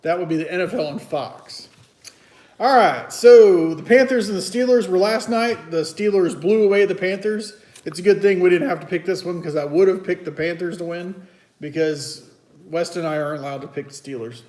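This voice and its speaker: A man's voice: sits high, normal speed, a little mellow. A man hosting a casual, teasing sports picks chat at home. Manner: chatty, teasing, loose and rambling. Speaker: host. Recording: echoey room.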